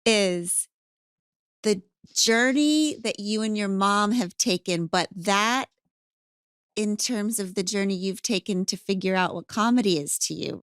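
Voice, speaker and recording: A woman hosts a podcast interview and sets up her questions in an easy, conversational way. Her voice sits at an ordinary middle pitch. The recording is dry and close to the mic. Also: unhurried, a bit bright, clean tone, no room sound. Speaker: podcast host.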